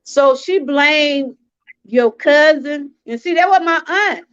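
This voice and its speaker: A woman's voice: sits high, slow pace, a bit bright, dull audio. A woman from Georgia, hosting a live-stream testimony talk, earnest and repeating herself as she speaks straight to her viewers. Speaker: channel host.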